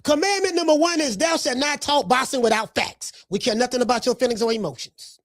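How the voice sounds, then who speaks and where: Brash, profane high-voiced woman ranting. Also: a little fast, no echo, clean studio sound. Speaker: podcast host. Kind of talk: ranting boxing commentary.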